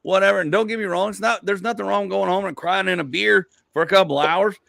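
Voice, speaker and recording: Man host, gravelly voice, blunt and emphatic, dry close sound. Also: high-pitched, steady tone, fast talker, fairly bright tone, no room sound. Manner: emphatic, blunt motivational talk. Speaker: comedian host. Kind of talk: casual podcast chat.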